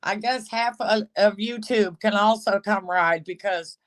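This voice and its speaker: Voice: mid-range voice, measured pace, fairly bright tone. A livestream host chatting casually and sarcastically about online personalities, greeting commenters and often laughing. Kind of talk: casual gossip commentary, reading chat.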